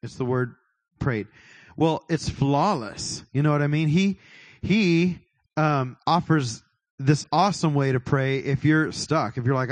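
A man's voice: a little high, measured pace, no echo. A man leading a casual church talk on prayer, chatty, often laughing and breaking off mid-sentence. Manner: chatty, laughing, self-interrupting. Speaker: worship leader. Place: church worship service.

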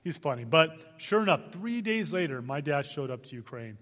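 A man in his forties from Arizona, a guest missionary speaker giving an animated testimony to a church, laughing as he tells it. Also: a little high, moderate pace, long reverb tail. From Arizona, United States. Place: church sanctuary.

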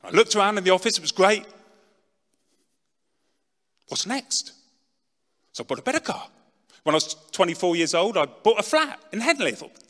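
A middle-aged man giving a dramatic personal testimony talk, swinging from loud, pushed lines to hushed ones. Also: high voice, sing-song, moderate pace, long pauses. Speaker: speaker telling his testimony. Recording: long reverb in a large hall.

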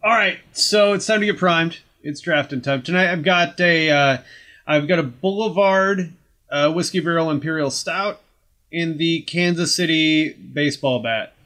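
A man's voice: on the high side, moderate pace, bright, forceful tone. A man co-hosting a podcast in playful casual chat, leading the segments. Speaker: podcast co-host.

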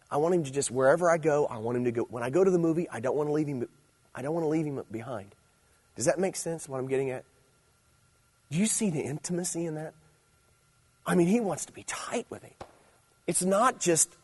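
A young man giving a relaxed, conversational sermon, telling stories about home life and then preaching with growing energy. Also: mid-range voice, husky. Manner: conversational storytelling, animated and playful when preaching. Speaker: youth pastor. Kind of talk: casual sermon.

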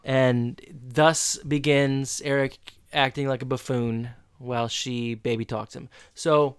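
A man co-hosting a podcast, recapping TV scenes in a chatty, animated storytelling way. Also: medium pitch, smooth, no room sound, studio quality. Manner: animated storytelling, retelling scenes in quick bursts. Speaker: podcast co-host. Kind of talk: casual chat recapping TV episodes.

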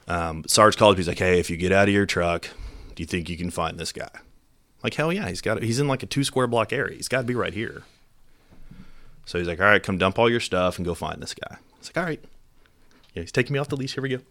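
A middle-aged man, a police officer telling an animated, self-deprecating story to an audience in a casual way. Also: low voice.

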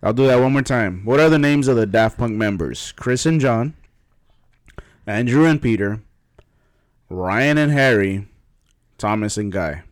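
A man hosting a casual quiz among friends, playful and laughing often, reading out the answer options slowly. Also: medium pitch, lively intonation, no room sound, clean studio sound. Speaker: quiz host.

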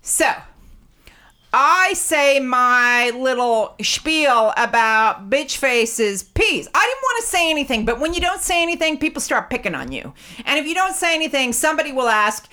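A woman's voice: high voice, sing-song, moderate pace, bright, forceful tone. A woman telling an indignant, profane, rambling story in a comedic rant. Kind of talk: comedic ranting monologue.

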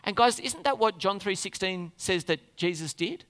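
A man preaching a sermon, animated, often putting questions to the congregation. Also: sits high, moderate pace. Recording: church hall reverb.

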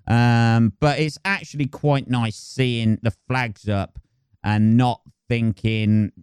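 A man's voice: medium pitch, takes it slowly, darkish tone, clean tone, no room sound, clean studio sound. A young man hosting a podcast, rambling crudely and swearing in a casual comic monologue. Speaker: podcast host. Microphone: close podcast mic.

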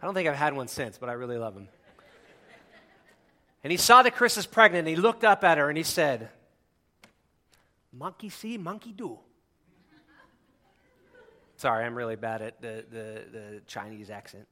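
Male pastor, sermon delivery, bright forceful tone, swings between hushed and near-shouting, chatty asides. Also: mid-range voice, animated, brisk. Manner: conversational, with asides and laughs.

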